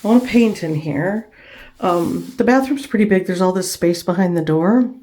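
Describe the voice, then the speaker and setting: A woman chatting casually in a home vlog, relaxed and talkative, sometimes cooing to her dog. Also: lowish voice, moderate pace. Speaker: vlogger. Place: home, indoors.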